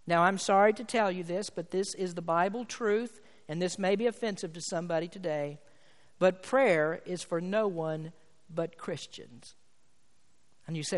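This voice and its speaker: A man's voice: high-pitched, normal speed. Male pastor preaching, emphatic with fervent swells; long church-hall reverb on the voice. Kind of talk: sermon. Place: church sanctuary.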